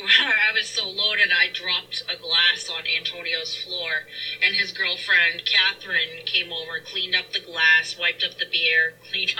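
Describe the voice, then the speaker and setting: A woman's voice: on the low side, sharp tone, far from the mic, poor audio. A young woman co-hosting, frankly telling her own story in casual chat, recorded inside a car. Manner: frank, self-deprecating. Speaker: podcast co-host. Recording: voice a bit off-mic with faint hiss.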